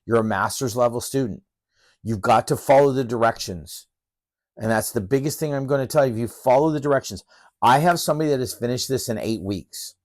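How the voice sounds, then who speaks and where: A middle-aged male professor lectures in a blunt, emphatic, fired-up way, like a coach pushing his students. His pitch sits in an ordinary middle range. The sound is dry and close, with no room echo. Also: brisk. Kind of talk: course introduction lecture.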